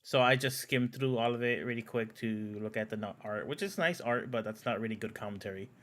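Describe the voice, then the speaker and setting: A man's voice: medium pitch, fairly quick, fairly bright tone. A man on a podcast panel, hesitant and apologetic as he talks. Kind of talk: casual podcast chat.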